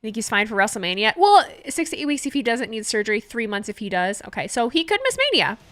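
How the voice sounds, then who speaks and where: Bright-voiced woman streamer reacting live. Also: fairly high pitch, big pitch swings, fast. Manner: anxious, chatty, swears freely. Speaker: streamer hosting a watch party.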